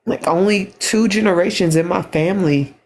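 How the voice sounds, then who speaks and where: A tired woman talking on a phone livestream, halting and repeating herself as she speaks with emotion. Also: fairly low pitch, a little mellow. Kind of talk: emotional casual livestream talk.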